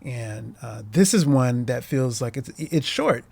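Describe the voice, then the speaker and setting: A man's voice: medium pitch, lively intonation, a little slow, vocal fry, darkish tone, no room sound. A man casually discussing a short film as host, earnest and emotionally moved, rambling with many restarts and fillers.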